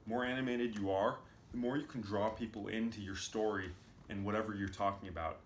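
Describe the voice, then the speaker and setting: A man with a fairly low, steady voice talks briskly, offering loose, casual commentary packed with fillers as he explains video clips. The room sounds spacious, with a faint background noise.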